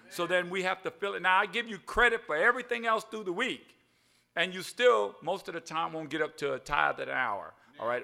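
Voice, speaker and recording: A man's voice: high voice, vocal fry, pushed and bright. An older man preaching an evening sermon in a folksy way, spelling words out and asking "all right?" again and again. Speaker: pastor.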